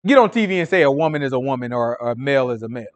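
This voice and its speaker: A man leading an informal Bible study, animated and preachy with a slangy, conversational way of talking. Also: medium pitch, rapid-fire. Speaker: Bible teacher.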